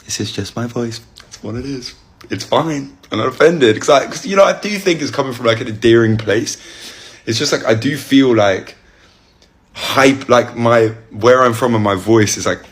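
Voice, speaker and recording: A man's voice: mid-range voice, moderate pace. A young man with an English accent, telling stories casually to camera with a rambling, chatty manner full of fillers. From England. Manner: rambling, chatty, lots of "like" and restarts.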